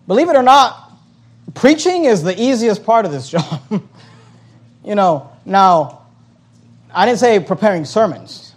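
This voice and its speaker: Animated high-voiced male preacher. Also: unhurried, pauses often. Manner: animated preaching, reads scripture then paraphrases with sarcasm. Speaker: pastor. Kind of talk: sermon.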